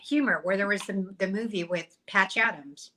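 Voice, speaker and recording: A woman hosting a podcast interview, hesitant and halting as she asks a question. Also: mid-range voice, bright, forceful tone. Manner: hesitant, with fillers and restarts. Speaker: podcast host.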